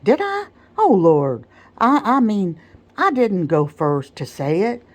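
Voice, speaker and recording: Woman doing a sly teasing servant guy, thick drawl, low soft whispered role-play, storybook. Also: expressive, takes it slowly, full character voice. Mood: wheedling. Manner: dialect-heavy, drawling, teasing. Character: sly mischievous male servant, playful and cunning.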